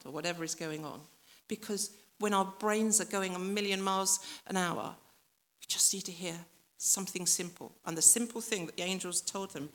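A woman's voice: on the low side, moderate pace, fairly bright tone. A woman preacher giving a reflective, conversational sermon that speaks directly to the listeners and acts out voices from the story.

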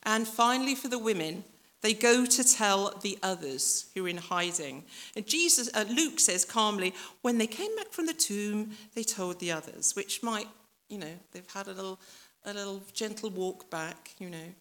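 A woman's voice: mid-range voice, lively intonation, normal speed, a bit bright. Woman, preacher, conversational sermon, reflective, direct address, acts out quoted voices. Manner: reflective, speaks directly to listeners with rhetorical questions.

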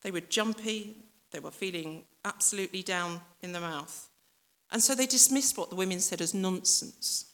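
A woman's voice: fairly low pitch, normal speed, a bit bright. A woman preacher giving a reflective, conversational sermon that speaks directly to the listeners and acts out voices from the story.

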